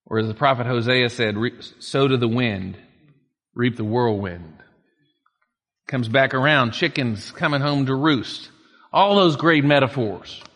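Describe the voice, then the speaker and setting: A man's voice: medium pitch, a little slow, fairly bright tone, in a large hall. A man preaching a sermon in a conversational way, reading scripture aloud and adding folksy asides. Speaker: pastor.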